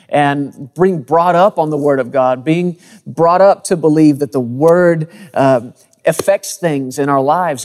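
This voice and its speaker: An earnest man in his thirties delivers a conversational sermon, his slightly higher voice circling back on words as he builds each point. A long reverb trails behind him, as if he were in a large hall. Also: darkish tone. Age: 30s. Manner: earnest, conversational preaching with frequent word repeats. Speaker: pastor.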